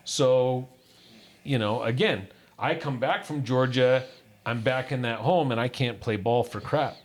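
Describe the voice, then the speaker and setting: Man, candid storyteller, mid-pitch, voices quotes, sinks low on painful memories. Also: unhurried. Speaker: guest. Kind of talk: personal storytelling.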